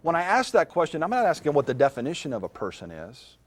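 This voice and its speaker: A man's voice: on the high side, wildly swooping pitch, fast talker. A middle-aged man, a philosophy professor, lecturing a class in a classroom in a conversational way, often putting questions to his students.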